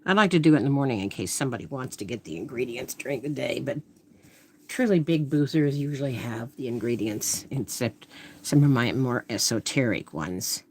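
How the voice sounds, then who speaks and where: Lively, low-voiced woman painting on stream. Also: slightly rough. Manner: thinks aloud while painting, trailing off into murmurs. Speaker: artist painting live. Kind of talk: casual live-stream painting chat.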